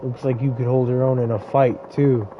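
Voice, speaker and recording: A man's voice: mid-range voice, steady tone, normal speed, muffled recording, a little hiss or hum. A man casually commenting on a game he plays, rambling into crude, joking stories. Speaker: gaming streamer. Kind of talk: casual let's-play commentary.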